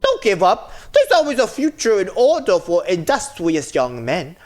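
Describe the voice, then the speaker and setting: A woman's voice: mid-range voice, huge pitch swings, normal speed, darkish tone, voice pushed up. A woman voicing a preachy game character who lectures a young man, in a made-up odd accent. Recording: game music behind voice.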